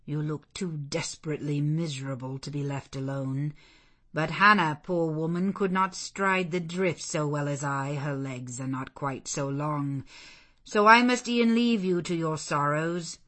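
A woman voicing a grave, reserved male clergyman who speaks in a measured, evasive way. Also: deep voice, steady tone, fairly bright tone.

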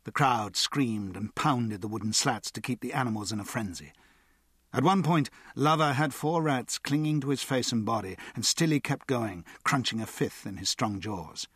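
A man narrating an audiobook with expressive, dramatic storytelling. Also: mid-range voice, moderate pace, breathy edge, no room sound, studio quality.

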